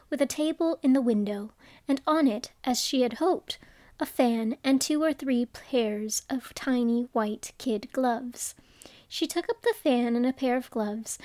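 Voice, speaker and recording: A woman narrating a storybook in a measured, expressive way. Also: sits high, no room sound. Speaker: audiobook narrator.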